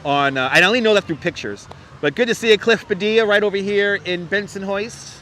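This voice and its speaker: A man with a New York accent talks casually on a street live stream, reading viewer comments and repeating his phrases. His voice sits high and sounds bright and forward. Faint city noise hums behind him. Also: a little fast. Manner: chatty, reminiscing, laughs often, repeats phrases. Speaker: livestream host. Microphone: wireless clip-on mic.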